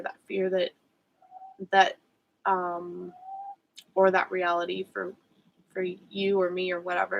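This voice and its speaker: A woman's voice: lowish voice, gravelly, fairly bright tone, low-quality recording. A woman speaking as a spiritual coach in a personal vlog, candid and reflective, with frequent fillers and self-corrections. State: emotional.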